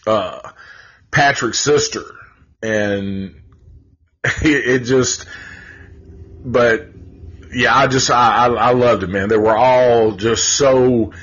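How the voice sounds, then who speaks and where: Male host, casual live film review, slow and profane, husky, dull lo-fi sound. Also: medium pitch, fairly bright tone. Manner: rambling, profane, many fillers and restarts.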